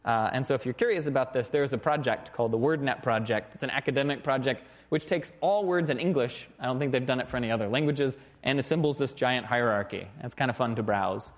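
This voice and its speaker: A man giving an informal recorded programming lecture. He is lively and often checks in with "okay?" and "right?". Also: medium pitch, fast talker, hardly any pauses. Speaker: university lecturer.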